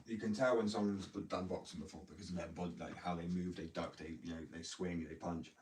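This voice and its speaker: A man's voice: low voice, steady tone, fast talker, a little mellow. A young man rambling heatedly in a casual monologue, with lots of restarts and swearing. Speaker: skater vlogger. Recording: distant mic with faint background noise.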